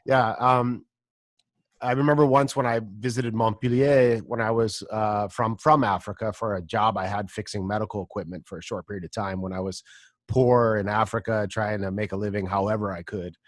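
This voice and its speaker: An American man hosting a casual interview podcast, talking in a relaxed, rambling way with frequent ums and throat clearing. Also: fairly low pitch, normal speed, no room sound, clean studio sound. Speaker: podcast host.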